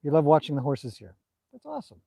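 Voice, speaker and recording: A man with a Canadian accent, hosting a casual live stream and reading out viewer comments in a relaxed, rambling way. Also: on the high side, fast talker, vocal fry, dry recording. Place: outdoors at a stable in the evening.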